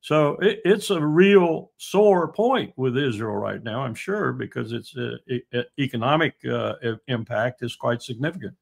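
Older man with a gravelly voice. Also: mid-range voice, lively intonation. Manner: anecdotal, halting with fillers. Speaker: guest commentator. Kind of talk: casual discussion.

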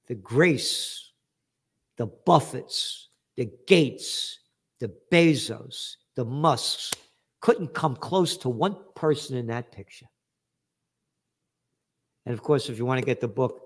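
A man's voice: medium pitch, gravelly. A man, a guest author talking in a blunt, emphatic, streetwise way. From United States. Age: 70s. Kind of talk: animated interview talk.

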